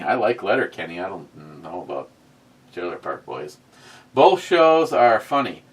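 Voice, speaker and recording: A man's voice: medium pitch, a bit bright, recorded from a distance. A man hosting a casual livestream, reading viewer comments aloud with sarcastic, rambling asides and many fillers. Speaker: host reading live chat.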